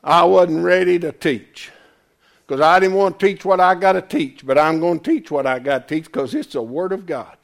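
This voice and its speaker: An older man preaching a folksy, emphatic sermon, swinging from loud to quiet. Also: on the high side, expressive, moderate pace, gravelly. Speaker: pastor.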